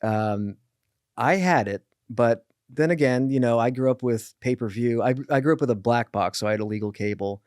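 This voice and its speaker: A man's voice: medium pitch, normal speed, a little mellow, clear, resonant tone, no echo, studio quality. A man from the Boston area, a guest on a podcast, talking casually in a rambling way, repeating words and using fillers. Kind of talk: casual interview chat.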